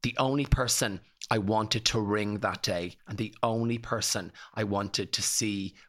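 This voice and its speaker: A man's voice: on the low side, steady tone, measured pace, a bit bright. An Irish man in his forties, a guest telling personal stories openly and emotionally in an interview. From Ireland. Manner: open, tumbling storytelling.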